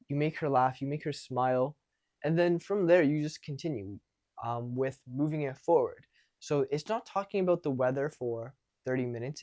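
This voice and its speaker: Animated young man giving dating advice. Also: a little high, no echo, studio quality. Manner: animated, acts out quoted exchanges, swears casually. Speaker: dating coach. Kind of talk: casual advice monologue.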